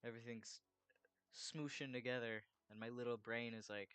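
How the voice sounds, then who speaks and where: A man's voice: mid-range voice, fairly even intonation, normal speed, fairly bright tone, clean tone, no room sound. A man chatting casually while he draws commissions, rambling and swearing freely. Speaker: artist drawing commissions. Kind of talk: casual chat while drawing.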